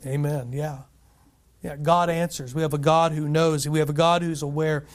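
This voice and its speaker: A man pastor giving an earnest, animated sermon, often restarting phrases and putting questions to the congregation. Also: a little high, normal speed.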